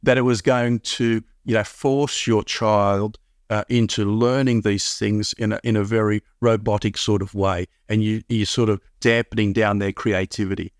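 A man's voice: on the low side, fairly even intonation, moderate pace, dry recording, clean studio sound. A middle-aged Australian man, a guest on an interview show, explaining at length with many restarts and fillers. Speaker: math curriculum founder, guest. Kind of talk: casual interview talk.

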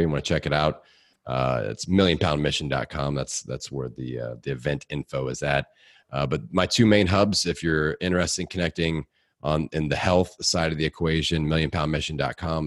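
Indiana man, middle-aged, very low voice, dry close sound, lively guest energy. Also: no room sound. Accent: Midwestern American (Indiana). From Indiana, USA. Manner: energetic, upbeat, acts out quotes. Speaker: podcast guest, coach. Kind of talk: casual interview chat.

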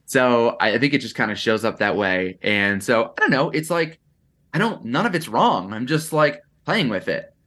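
A young man talking on a podcast in an easygoing, reflective way. His pitch sits in a middle range for a man. His sentences come in bursts full of "like" and restarts. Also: animated, moderate pace, fairly bright tone. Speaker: podcast guest, content creator. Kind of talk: casual podcast chat.

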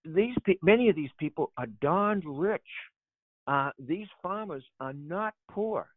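An older man and author, a guest telling animated stories and chuckling, often repeating his words. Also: a little high, measured pace, no room sound. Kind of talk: conversational storytelling on a radio show. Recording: tinny phone line.

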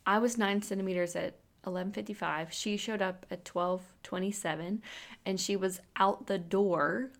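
Chatty woman with vocal fry. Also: mid-range voice, moderate pace. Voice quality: creaky fry, filler-heavy with "like" and "um". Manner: animated retelling, acting out quoted lines. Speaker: mother telling her birth story. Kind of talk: casual personal storytelling.

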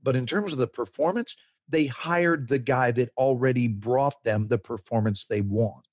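A middle-aged man telling stories as an interview guest, recorded close and dry with almost no room sound. His voice sits at an ordinary pitch and he shapes each anecdote with lively, acted-out quotes and gestures. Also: moderate pace, no echo. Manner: expressive, acts out quotes and gestures. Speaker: actor guest. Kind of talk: animated storytelling interview.

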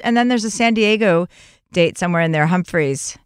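A woman podcast host in her forties chatting casually and joking with animated asides. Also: lowish voice, moderate pace, clear, resonant tone, no room sound, studio quality. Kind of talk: casual chat and ad reads.

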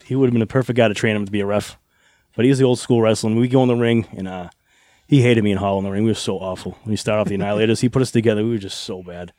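Fast-talking middle-aged ex-wrestler telling stories. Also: male voice, fairly low pitch, steady tone, a little mellow, no echo. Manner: rambling anecdotes with frequent laughs and swearing. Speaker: former wrestler guest. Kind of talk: casual storytelling interview.

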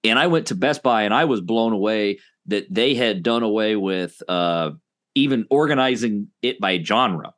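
A man chatting casually as a podcast guest, rambling with halting restarts. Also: on the low side, lively intonation, fairly bright tone. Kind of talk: casual chat.

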